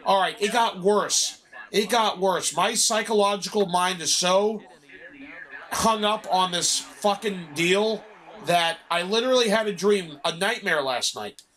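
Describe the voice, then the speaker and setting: A man chatting casually with a friend while playing a video game, telling an animated story full of swearing. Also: high-pitched, measured pace. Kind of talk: casual chat.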